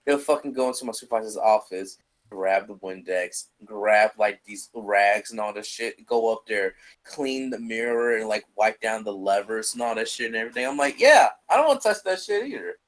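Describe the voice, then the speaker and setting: A man's voice: fairly low pitch, steady tone, normal speed, rough recording. A young man co-hosting a podcast, telling work stories in a loose, rambling way, repeating himself and swearing casually. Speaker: podcast co-host. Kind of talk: casual chat.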